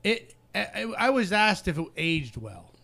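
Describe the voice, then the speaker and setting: A man's voice: sits high, sing-song, moderate pace, vocal fry, pushed and bright. A man co-hosting a podcast, telling stories in casual chat, laughing often and swearing freely. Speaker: podcast co-host.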